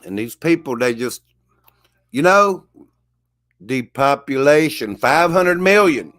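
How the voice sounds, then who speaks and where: A man's voice: on the high side, unhurried, fairly bright tone, no room sound. A man hosting a casual livestream, talking to viewers in a drawl, laughing often. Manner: drawling, laughs often, keeps saying "y'all". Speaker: livestream host.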